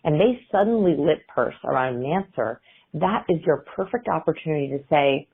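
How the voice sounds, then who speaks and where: A woman's voice: deep voice, animated, brisk, slightly rough. A woman guest researcher explaining communication cues in an interview, demonstrating intonation as she talks. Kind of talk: interview clips. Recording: phone-like line.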